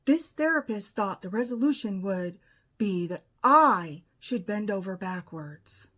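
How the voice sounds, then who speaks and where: A woman's voice: medium pitch, expressive, measured pace, fairly bright tone. A woman telling a personal story in an emphatic, indignant way and acting out what was said. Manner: emphatic, indignant retelling with acted-out quotes. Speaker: vlogger.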